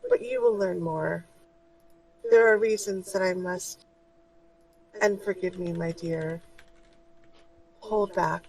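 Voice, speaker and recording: A woman voicing a mysterious feminine spirit that speaks gently and compassionately to a meditating character. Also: fairly low pitch, slow, creaky, pauses often, far from the mic, a little hiss or hum, low-quality recording. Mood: gentle, soothing. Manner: soft, gentle, motherly.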